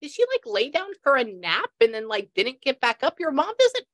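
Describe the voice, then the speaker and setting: A woman's voice: high-pitched, very animated, normal speed. A woman working as a psychic medium in a casual session, chatty and laughing as she passes on messages.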